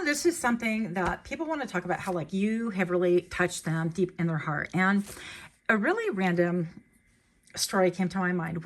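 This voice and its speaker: A woman doing a casual tarot reading in a chatty, rambling way, laughing easily and getting emotional. Her voice sits a little low for a woman. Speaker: tarot reader.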